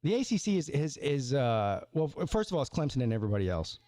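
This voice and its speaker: A man's voice: medium pitch, big pitch swings, fast talker, dark tone, no echo. A man hosting a live sports call-in stream, rambling casually with stammered restarts and repeated words.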